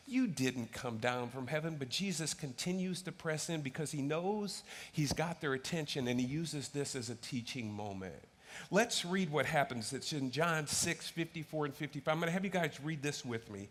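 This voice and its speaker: A pastor preaching a sermon, casual and joking, acting out crowds and disciples in raised voices. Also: male voice, on the high side, expressive, moderate pace.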